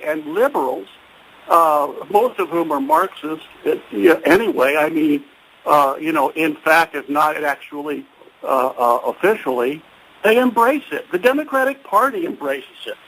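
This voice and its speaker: A man's voice: fairly high pitch, fairly bright tone, low-quality recording. A man calling in to a talk radio show, speaking hesitantly with many stops and restarts. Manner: hesitant, full of fillers and restarts. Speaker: caller.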